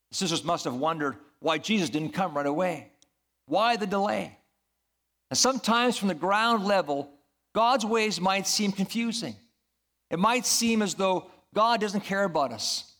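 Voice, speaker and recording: A man's voice: sits high, a bit bright. A man preaching a sermon as a pastor, earnest and building to emphatic peaks.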